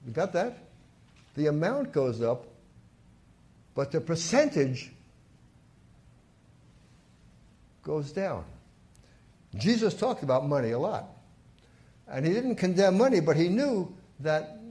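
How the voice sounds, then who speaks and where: A man's voice: high voice, dark tone. A man preaching a sermon in a church, telling stories and stressing key points with rising emphasis. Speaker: pastor.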